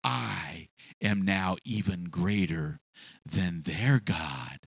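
A man voicing a proud, boastful ancient king who brags in drawn-out, self-important words. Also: deep voice, animated, gravelly, fairly bright tone, breathy edge, no room sound, pitched below the performer's own voice, heavily acted.

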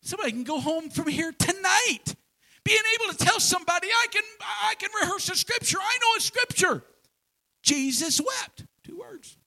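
A man preaching a sermon in a church, folksy and animated, with homespun examples and repeated phrases. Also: very high-pitched, rough recording. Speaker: pastor.

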